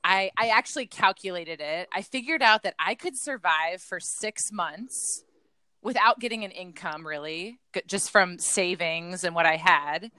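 A fitness coach co-hosting a casual podcast speaks in a bright, forceful, fairly low-pitched voice with a smooth, crisp tone, at a slightly slow pace. She earnestly tells her story, sometimes quoting her past self. The recording is dry and close, with no room sound.

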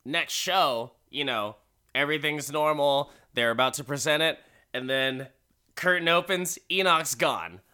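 A man's voice: on the high side, sharp tone, smooth. A man casually recapping a story, swearing freely and laughing at it. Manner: laughs often, swears, slow and wry.

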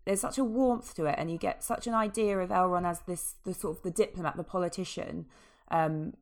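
A woman's voice: on the low side, brisk. A woman co-hosting a casual chat, talking with enthusiasm and many small fillers and restarts. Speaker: podcast co-host. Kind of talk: casual chat about a fantasy TV series.

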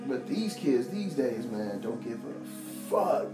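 A young man from Ohio co-hosting a podcast, telling stories in a loud, profane, animated way and laughing often. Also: mid-range voice, takes it slowly. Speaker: podcast co-host. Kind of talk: casual chat. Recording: echoey room with music behind.

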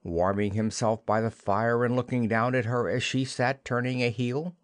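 A man narrating a classic children's storybook in an expressive, unhurried way. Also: medium pitch, no echo, clean studio sound. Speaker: audiobook narrator.

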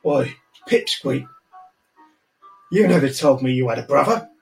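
A man's voice: mid-range voice, animated, unhurried, vocal fry, a little mellow, reverberant, faint music behind. A man voicing a surly, one-eyed male bounty hunter captain who speaks bluntly and grudgingly. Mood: gruff.

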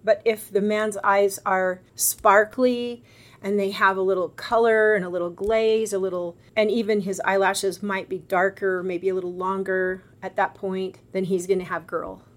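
A woman's voice: medium pitch, normal speed. Middle-aged woman telling a story. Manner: animated, acts out quoted voices. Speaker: guest. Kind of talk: casual storytelling.

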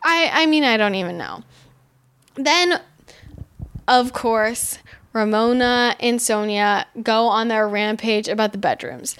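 A woman casually recapping a reality show, animated and exasperated, swearing freely and saying "like" constantly. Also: fairly high pitch, takes it slowly, clear, resonant tone. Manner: animated, swearing, heavy use of "like"; exasperated, sarcastic commentary. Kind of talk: casual chat.

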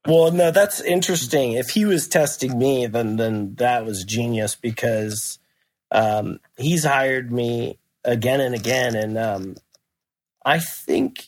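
Male guest, mid pitch, loose rambling storyteller, laughs a lot, casual cursing. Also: slow, dry recording. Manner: rambling, laughs while telling anecdotes, swears. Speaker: guest musician. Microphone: remote call.

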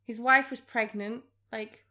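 A woman co-hosting a film podcast, giving blunt, sarcastic, animated opinions in casual chat. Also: fairly high pitch, unhurried. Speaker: podcast co-host.

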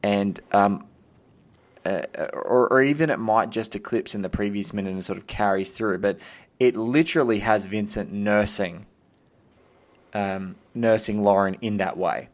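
Podcast host, male, lowish voice, eager, thinks aloud and restarts his sentences. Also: measured pace. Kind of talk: casual podcast conversation.

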